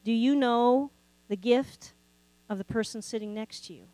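A woman's voice: a little high, normal speed, dark tone, no echo, poor audio. A woman preaching a sermon, talking conversationally and asking the congregation rhetorical questions. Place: church sanctuary.

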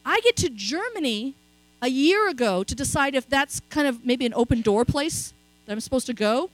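With an animated, high voice and a moderate pace, a middle-aged woman delivers her sermon like a story told in conversation, often asking her audience "okay?" The audio is poor, with no room sound.

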